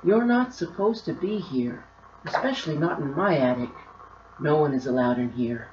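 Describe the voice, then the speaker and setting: A woman voicing a gruff, reclusive old woman who keeps an attic, stern and grumbling. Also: deep voice, lively intonation, moderate pace, background noise. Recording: roomy, slightly dull recording.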